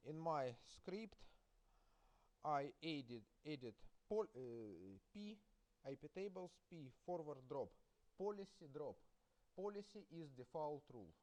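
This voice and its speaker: A man with a Russian accent, a native Russian speaker, gives a university lecture in English, pausing often with filler sounds and restarting words. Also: a little high, big pitch swings, a little mellow. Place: lecture hall.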